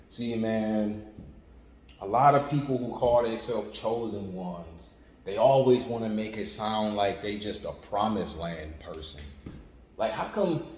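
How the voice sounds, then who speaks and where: A man's voice: lowish voice, lively intonation, a little slow, darkish tone. A man preaching an informal sermon in a conversational, repetitive way, with lots of "like" and "you know what I'm saying". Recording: echoey room with long reverb and faint ambience.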